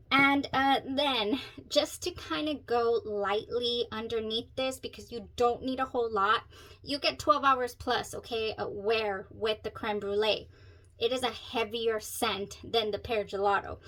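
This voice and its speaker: Middle-aged woman, fairly high voice, chatty and giggly, casual review tone. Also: fairly even intonation, a little slow, a bit bright. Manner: chatty, laughs often, self-corrects. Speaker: perfume reviewer.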